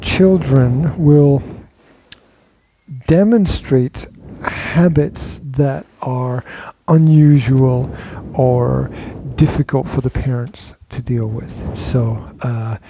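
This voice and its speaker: A man's voice: mid-range voice, drawn-out words, warm tone. A man co-hosting a parenting Q&A in casual chat, playful and joking, with hesitant fillers. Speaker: co-host of parenting Q&A. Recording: dull lo-fi sound with faint noise.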